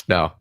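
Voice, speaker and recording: A man's voice: bright, forceful tone, no room sound, studio quality. A man co-hosting a podcast in casual chat, playful and teasing. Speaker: podcast co-host.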